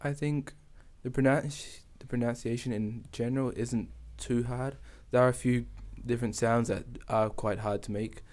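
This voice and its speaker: A man from New Zealand with a New Zealand accent, chatting in a casual interview. He keeps a relaxed, easygoing tone and slows right down when he reads phrases aloud. His voice sits at an ordinary middle pitch. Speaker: interview guest.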